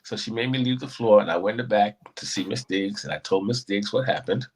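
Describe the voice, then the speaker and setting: A man telling a personal story as a guest, in an animated way that acts out the voices of the people in it. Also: fairly low pitch, a little fast, husky, rough recording.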